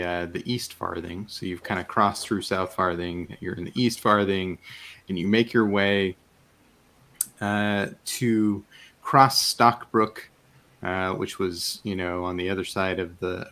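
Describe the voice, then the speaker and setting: A man with a lowish voice narrates a tabletop game as game master. He takes his time and wanders through his descriptions, filling the gaps with ums and uhs. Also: a bit bright. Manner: meandering, hesitant narration with many fillers.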